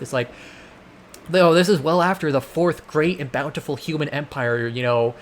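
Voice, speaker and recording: A man with a slightly higher voice chats loosely over his gameplay, stringing thoughts together with plenty of "like" and "you know". His commentary drifts into exasperated rants, and a faint hiss of noise sits under it. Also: fairly quick. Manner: rambling, full of filler words; exasperated ranting. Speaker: let's play host.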